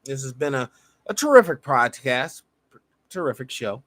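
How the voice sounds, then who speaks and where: A man's voice: mid-range voice, very animated, normal speed, a bit bright, no room sound. A man hosting a live podcast, giving a fervent, preacher-like address to his listeners. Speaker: podcast host. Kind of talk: impassioned live-show monologue.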